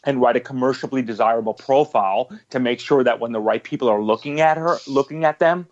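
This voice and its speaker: A man's voice: medium pitch, quick pace, a little mellow, dull audio. A man answering interview questions about his business, emphatic and repetitive, often restarting his sentences. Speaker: guest, business owner.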